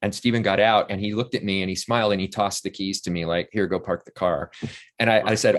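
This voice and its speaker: A man's voice: sits low, quick pace. A man in his sixties, an actor and playwright, telling stories in a casual interview and acting out the voices of the people he quotes. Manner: animated storyteller who acts out quoted voices.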